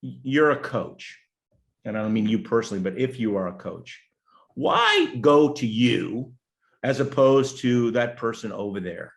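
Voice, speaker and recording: A middle-aged American man, a business strategist talking as a guest in a casual interview, animated and jokey with many fillers. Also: mid-range voice, measured pace, vocal fry. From United States.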